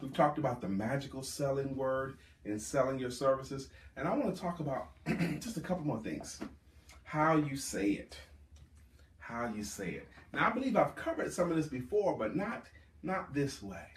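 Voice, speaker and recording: A man coaching a live audience on sales, speaking with emphatic, drawn-out stress on key words. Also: medium pitch, animated. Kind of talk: live sales workshop talk. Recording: roomy, distant mic.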